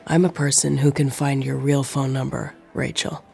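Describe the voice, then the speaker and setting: A scheming man with a smooth, persuasive manner, voiced by a narrator. He talks easily and keeps his tone even. A faint bed of music plays beneath. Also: medium pitch, normal speed. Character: smooth scheming man making a phone offer.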